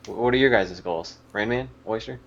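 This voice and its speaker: A man co-hosting a gaming podcast who rambles and hesitates, piling up "like" and restarts. His voice is somewhat low. The audio is dull and lo-fi. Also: brisk, gravelly, a crowd in the background. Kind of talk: casual chat.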